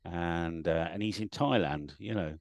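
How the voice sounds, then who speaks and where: A middle-aged man, an animated storyteller chatting casually as a livestream guest and acting out the lines he quotes. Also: deep voice, unhurried, dry recording. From England.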